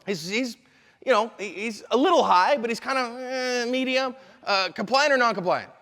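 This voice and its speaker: A man teaching a live seminar, energetic and conversational, with quick asides to the audience. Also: extremely high pitch, long reverb tail. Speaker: self-defense instructor. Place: convention hall seminar room.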